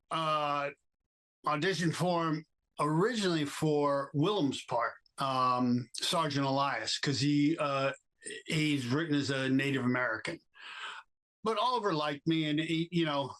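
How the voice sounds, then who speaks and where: A man being interviewed as a guest, telling stories with lively quoted voices and many fillers. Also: low-quality recording. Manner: animated anecdotes, acts out quoted people with jumps in pitch; many fillers and restarts, reflective. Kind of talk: storytelling interview.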